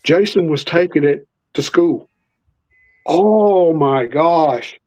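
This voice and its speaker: A man's voice: a little high, slow. A man telling stories in a casual interview, animatedly acting out the voices of people in them. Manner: animated storyteller, acts out quoted voices. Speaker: podcast guest. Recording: slightly muffled lo-fi audio.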